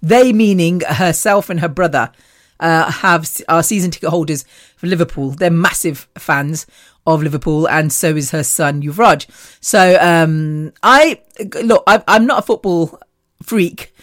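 A woman hosting a podcast, telling rambling personal stories in a chatty, animated way and laughing often. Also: low voice, unhurried, no echo, clean studio sound. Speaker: podcast host.

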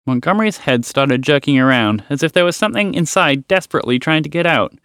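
A man narrating a children's story podcast as its host, with expressive storytelling. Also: on the high side, quick pace, few pauses, clear, resonant tone, dry recording, clean studio sound.

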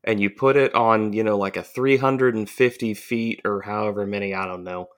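A man's voice: fairly low pitch, fairly even intonation, normal speed. Profane man telling a rambling story. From southern United States. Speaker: podcast co-host. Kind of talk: casual storytelling chat.

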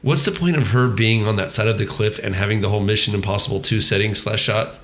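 A man's voice: on the low side, quick pace, a bit bright. Man, casual movie podcast chat, rambling with ums, roomy echoey sound. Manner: rambling, frequent ums and restarts, profane. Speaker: podcast co-host.

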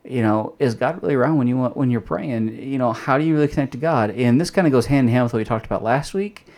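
A man's voice: mid-range voice, fast talker, a little mellow. A young adult man hosting a casual podcast on faith, explaining loosely with plenty of fillers. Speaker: host.

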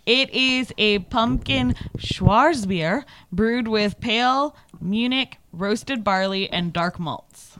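A woman's voice: on the high side, slow, fairly bright tone. A woman co-hosting a podcast, casually describing and rating a beer and giggling often. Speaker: podcast co-host. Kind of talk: casual chat while tasting beer. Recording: noisy room recording.

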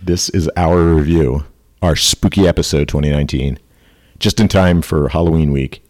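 A podcast host who keeps things loose and jokey, rattling through his notes in quick bursts. His voice sits deep and low. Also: a little mellow. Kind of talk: casual podcast chat.

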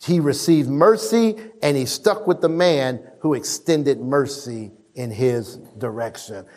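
A man preaching a sermon, reading scripture aloud and acting out the voices with emphatic, drawn-out delivery. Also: medium pitch, a little mellow. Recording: long hall reverb.

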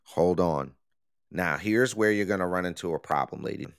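A man's voice: low voice, moderate pace, creaky, clear, resonant tone, dry recording, clean studio sound. A man co-hosting a political talk show, explaining meeting rules in an emphatic, lecturing way. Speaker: co-host. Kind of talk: political commentary chat.

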